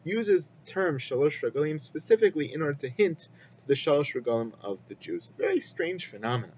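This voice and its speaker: A man giving a weekly Torah lesson in a measured, explanatory way, weaving in Hebrew quotations. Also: on the high side, very animated, darkish tone. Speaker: Torah teacher. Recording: slightly muffled with faint hum.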